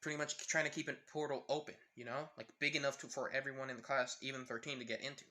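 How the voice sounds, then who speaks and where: A young man retelling a fan story off the top of his head, rambling and backtracking as he goes. His voice is bright and forward, at an ordinary mid pitch. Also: flat delivery, fast. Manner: rambling, full of fillers and restarts. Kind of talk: casual improvised story retelling.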